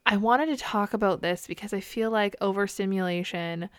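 A woman's voice: medium pitch, normal speed, clear, resonant tone, no room sound, clean studio sound. A woman in her thirties hosting a solo podcast, talking candidly and with exasperation and swearing casually. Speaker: podcast host.

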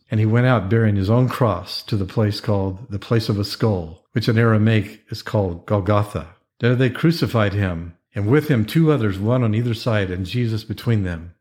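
A man reading scripture aloud in a steady, measured narration. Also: on the low side. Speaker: scripture reader.

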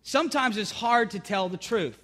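A man's voice: high voice, animated, normal speed, pushed and bright. A male pastor preaching a sermon to his congregation with fervent emphasis and calls to the listeners. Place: church sanctuary. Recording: long reverb of a church hall.

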